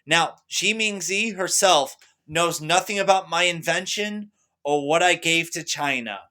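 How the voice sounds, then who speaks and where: A young man rambling boastfully to camera, excitable, swinging between loud bursts and mutters. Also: fairly high pitch, a little slow. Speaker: vlogger.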